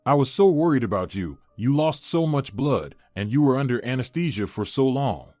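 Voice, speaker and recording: Gentle older mom soothing softly read by a man, dry close, faint music. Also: medium pitch, animated, normal speed, no echo, close to an everyday voice. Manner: soft, soothing.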